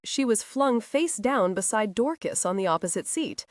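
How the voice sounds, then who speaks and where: A woman narrating a historical romance audiobook in an expressive storytelling manner. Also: medium pitch, moderate pace, no echo, studio quality. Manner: expressive, voices each character.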